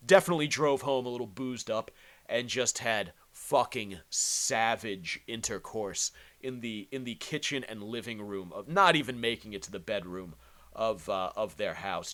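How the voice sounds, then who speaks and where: A man's voice: on the low side, a bit bright. A man hosting a podcast, riffing crudely on video clips with lots of swearing, fillers and restarts. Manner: profane, rambling, many fillers and restarts. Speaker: podcast host.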